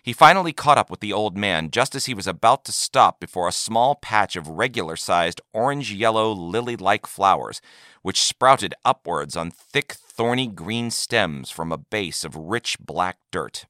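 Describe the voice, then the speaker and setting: A man narrates a science-fiction story with a deep, low voice that still moves a lot in pitch. His tone is bright and crisp, and the sound is close and dry. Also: expressive, unhurried, no echo. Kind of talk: reading a sci-fi story aloud.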